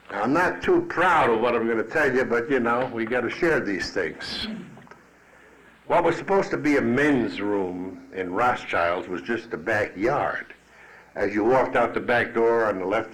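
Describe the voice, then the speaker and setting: A man's voice: on the low side, a bit bright, rough recording. A man telling his own story at a recovery meeting, blunt and salty-tongued. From Chicago. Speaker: AA speaker. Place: meeting hall at a podium. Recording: archival 1980s meeting tape.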